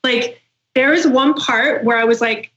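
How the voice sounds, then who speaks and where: A woman's voice: a little high, a little slow, highs cut off. A woman guest on a podcast telling a story animatedly, acting out what she said and swearing freely. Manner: animated, swears, acts out quotes. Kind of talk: casual storytelling.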